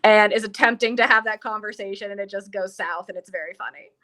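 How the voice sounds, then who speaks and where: A woman's voice: mid-range voice, fast, pushed and bright. A woman co-hosting a podcast, chatting casually about a film with lots of laughs, acting out characters' lines. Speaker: podcast co-host. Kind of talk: casual film review chat.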